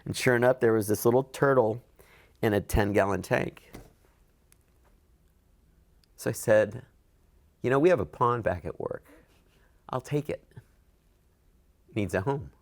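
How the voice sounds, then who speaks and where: Middle-aged guy telling a story in an interview, lowish voice, bumps his pitch up to act out what people said. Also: a little slow, long pauses. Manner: animated, acts out quoted dialogue with raised pitch. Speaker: interviewee, events program manager. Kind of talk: storytelling in an oral history interview.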